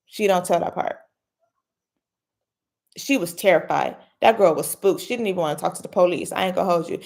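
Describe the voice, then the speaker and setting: A woman's voice: fairly low pitch, fairly quick, creaky, a little mellow. Chatty woman host, slangy storytelling. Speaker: commentary host. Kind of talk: casual late-night commentary.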